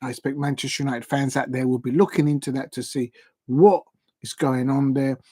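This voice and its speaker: A man's voice: mid-range voice, little pitch movement, a little fast, warm tone, no room sound. A man hosting a live football watch-along stream, recapping the day's results in a chatty, rambling way and stumbling over player and club names.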